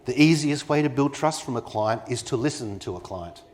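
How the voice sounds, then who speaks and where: A man speaks as keynote at a conference, his voice sitting at an ordinary middle pitch. He presses each point home with emphasis and keeps pulling the room in with quick questions like "yeah?" and "you with me?". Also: lively intonation, a little hiss or hum. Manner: engages the audience with rhetorical questions; emphatic, persuasive delivery. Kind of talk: live conference talk. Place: conference venue.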